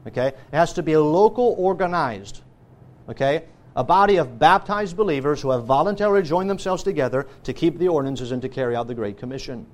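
High-voiced preacher teaching a doctrine class. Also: male voice, expressive, fairly quick, darkish tone. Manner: emphatic, listing scripture references point by point. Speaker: pastor. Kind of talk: sermon teaching.

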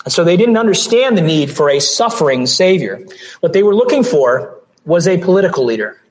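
A pastor delivering a sermon, hoarse with his voice going out, earnest, with restarts and throat clearing. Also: high-pitched, very animated, a little fast, rough recording.

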